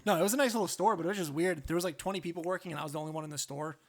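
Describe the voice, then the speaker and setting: Young man, gravelly voice, slightly raised pitch, wry casual remarks. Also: racing. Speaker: podcast co-host. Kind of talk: casual chat.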